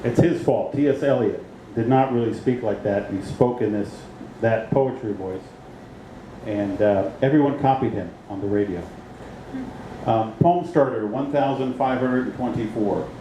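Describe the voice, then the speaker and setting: Slow, mellow man reading poems. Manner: slow, measured, theatrical reading with playful pitch swings. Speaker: poet reading his own work. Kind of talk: poetry reading at an open mic night. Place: poetry night venue. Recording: very echoey room with faint ambient noise.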